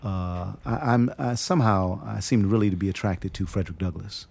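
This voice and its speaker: A man's voice: deep voice, gravelly, darkish tone, slightly rough. A man being interviewed about his acting work, talking casually, restarting and repeating words as he goes. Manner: halting, repeats words, demonstrates voices. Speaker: actor, interview guest.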